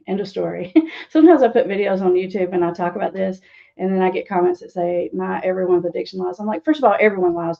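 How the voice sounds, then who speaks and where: A woman's voice: mid-range voice, vocal fry, muffled recording. A woman recovery coach answering interview questions in a teasing, sarcastic way, often laughing. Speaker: guest speaker, addiction recovery coach.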